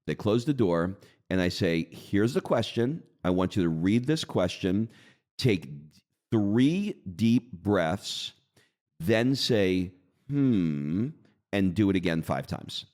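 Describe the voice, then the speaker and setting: A man co-hosting a podcast, explaining an exercise in a casual, coaching way and slowing down for deliberate readings. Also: low-pitched, animated, a little mellow. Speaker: podcast co-host. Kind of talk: casual conversational teaching.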